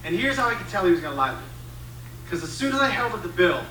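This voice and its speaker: A man's voice: high-pitched, big pitch swings, very fast, pushed and bright. A middle-aged man doing stand-up comedy, telling a profane story and acting out both sides of a dialogue. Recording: roomy, distant stage recording with background noise.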